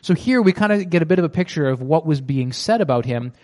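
A man giving a conversational Bible teaching, reading scripture slowly and explaining it with casual fillers and restarts. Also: on the high side, lively intonation, a little mellow.

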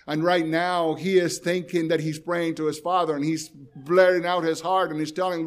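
A man delivers a sermon in a pleading, urgent way, rising and falling in intensity as he speaks straight to his listeners. His voice sits somewhat high for a man, and he drives points home by repeating key phrases. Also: little pitch movement, moderate pace. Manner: addresses listeners directly and repeats phrases for emphasis. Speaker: preacher.

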